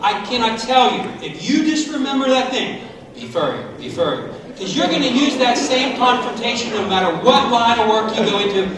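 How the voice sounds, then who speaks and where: A middle-aged man, a speaker at a school assembly, coaching students through a role-play with jokes and animated energy. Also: very high voice, brisk, few pauses, crowd noise. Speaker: motivational speaker. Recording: very echoey hall, from far off.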